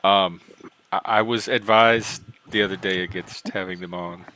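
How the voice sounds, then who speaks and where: Male host, bright and forceful, slightly low, curious question-asker. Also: fairly even intonation, moderate pace, slight background noise. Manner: curious, asks questions, steers the panel. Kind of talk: casual panel chat.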